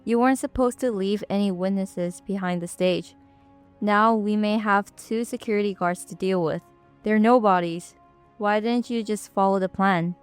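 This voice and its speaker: A woman voicing a snarky female thief who mocks her partner, in a soft, slow delivery close to her own voice. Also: medium pitch, clean tone, soft background music, natural voice. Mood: snide. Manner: snide, mocking.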